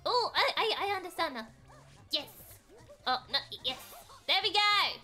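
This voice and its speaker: A woman streaming a video game, playful and excitable, mixing in Japanese as she comments. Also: very high voice, unhurried, soft background music. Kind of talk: casual gameplay commentary.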